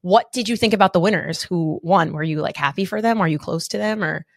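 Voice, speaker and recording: A woman's voice: fairly low pitch, fairly quick, gravelly, dry recording, clean studio sound. A woman hosting a podcast, asking questions in a chatty, enthusiastic way. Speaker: podcast host. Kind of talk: casual interview chat.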